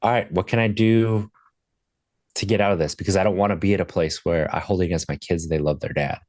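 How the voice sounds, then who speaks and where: Deep-voiced man telling his story. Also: steady tone, a little mellow, dry recording, studio quality. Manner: reflective, halting, many restarts and fillers. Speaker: podcast guest. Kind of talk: candid personal story in an interview.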